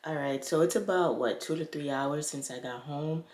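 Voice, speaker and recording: A woman's voice: low-pitched, moderate pace, a little mellow, slight background noise. A woman vlogger, chatting casually, out of breath and exasperated. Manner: exclaiming, exasperated. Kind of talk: casual vlog chat.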